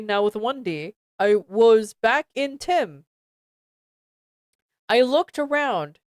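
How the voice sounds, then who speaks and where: A woman's voice: a little high, no room sound, studio quality. A woman streamer reading a badly written fan fiction aloud, stumbling over misspellings and breaking off into exasperated asides.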